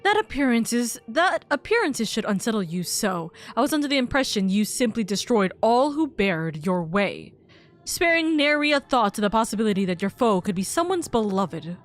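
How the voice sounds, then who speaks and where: A woman's voice: on the high side, big pitch swings, normal speed. A woman reading a grandiose, mocking male game villain's lines aloud in a formal, theatrical way.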